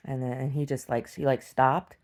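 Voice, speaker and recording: A woman telling meandering stories in a casual video diary, halting and full of restarts. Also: a bass voice, level tone. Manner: halting, full of restarts and "like", shouts when acting out quotes. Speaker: video diarist. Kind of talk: rambling casual storytelling.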